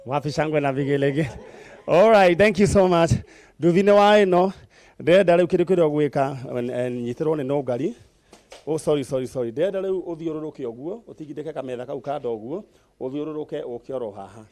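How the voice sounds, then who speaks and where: Brisk Kenyan man hosting a live show. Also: fairly high pitch, darkish tone. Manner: brisk, coaxing, gives instructions. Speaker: TV show host. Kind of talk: lively live TV game segment.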